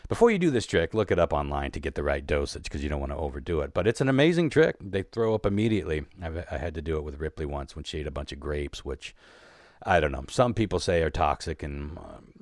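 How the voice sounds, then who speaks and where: A man's voice: rumbling low, lively intonation, fast, no room sound, clean studio sound. A man co-hosting a podcast, telling a long story in a rambling, profane, casual way and laughing as he goes. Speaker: podcast co-host.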